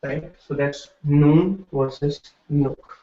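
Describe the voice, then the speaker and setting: A man's voice: a little high, fairly even intonation, slow, mellow. A man teaching a classroom lecture, explaining patiently and often checking in with "right?". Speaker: Hindi teacher. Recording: echoey room, dull lo-fi sound.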